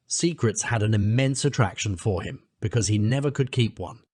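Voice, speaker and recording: Male audiobook narrator, measured storytelling; husky, dry. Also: fairly low pitch, a little mellow, no echo. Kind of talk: scripted narration.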